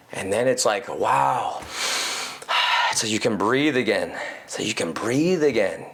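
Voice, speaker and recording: A man talking as a podcast guest in casual conversation, animated and swearing casually, peppering his talk with "you know". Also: fairly low pitch, takes it slowly, creaky. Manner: animated, acts out quoted inner voices.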